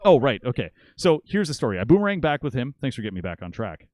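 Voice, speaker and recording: A man's voice: medium pitch, very animated, fast, a little mellow, dry recording. A man in his late thirties from Minnesota, telling rambling, profane stories as a podcast guest. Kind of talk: casual storytelling.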